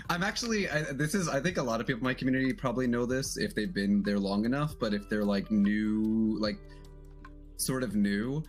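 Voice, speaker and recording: A man's voice: mid-range voice, moderate pace, faint music behind. A man streamer talking hesitantly and self-deprecatingly in a casual video-call chat. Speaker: streamer and podcast guest.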